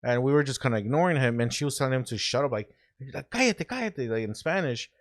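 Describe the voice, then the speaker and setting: A young man with a mid-range voice tells a story in a relaxed, filler-heavy way. The sound is dry and close, with no room echo. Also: mid-range voice, quick pace. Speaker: podcast co-host. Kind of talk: casual group chat.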